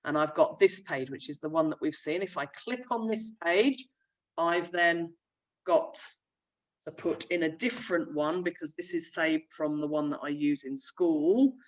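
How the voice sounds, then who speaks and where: A young woman who teaches primary school explains a remote lesson while sharing her screen, her tone friendly and chatty like a classroom talk. Her voice is low and a little slow, and the audio is poor, recorded from a distance.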